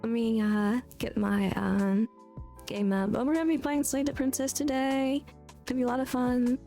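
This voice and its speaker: A woman streamer rambles through casual chat with her viewers, giggly and goofy. Her voice carries a gravelly vocal fry with a dark, mellow tone. Faint music plays behind her. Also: a little high, little pitch movement, moderate pace. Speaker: live streamer.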